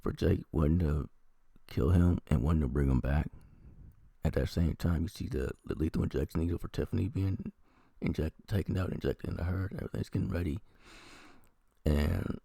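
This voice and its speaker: A man's voice: a bass voice, fairly even intonation, moderate pace, vocal fry, warm tone, breathy edge, no echo, clean studio sound. A man from the American Midwest casually reviewing a TV episode while feeling unwell, rambling and sarcastic, with frequent swearing.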